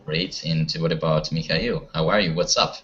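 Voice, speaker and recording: A man's voice: rumbling low, fairly even intonation, normal speed, heavy background noise. A man teaching an online English conversation class, encouraging students with many questions over a video call. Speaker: language teacher. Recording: muffled online call audio.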